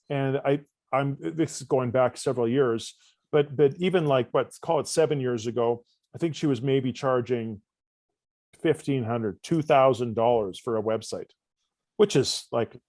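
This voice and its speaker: A man, a coach guest on a podcast interview, telling stories with lively, acted-out dialogue in a casual conversational way. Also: medium pitch, no room sound. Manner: animated storyteller, acts out dialogue.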